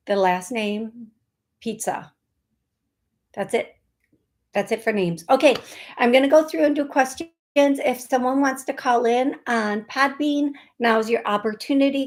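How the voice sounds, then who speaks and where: Slow, unhurried woman host giving live psychic readings, playful and rambling, spells names aloud. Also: fairly high pitch.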